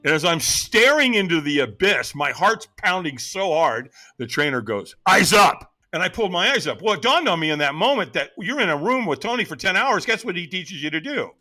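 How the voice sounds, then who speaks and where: A man's voice: high voice, big pitch swings, fairly quick, hardly any pauses, bright, forceful tone. A middle-aged man, a podcast guest, telling a personal story dramatically and acting out the voices of the people in it. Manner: dramatic storyteller who acts out quoted voices.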